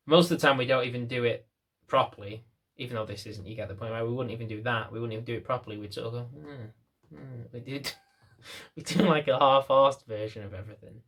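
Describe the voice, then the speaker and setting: A man's voice: medium pitch, a little fast, fairly bright tone, slight background noise. A young man, a dog trainer, talking casually to camera in a blunt, rambling, self-mocking way.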